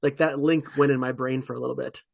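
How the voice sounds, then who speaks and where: A man co-hosting a podcast, chatting casually in a rambling way with quick asides. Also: mid-range voice, little pitch movement, gravelly, no echo. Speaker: podcast co-host. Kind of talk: casual chat.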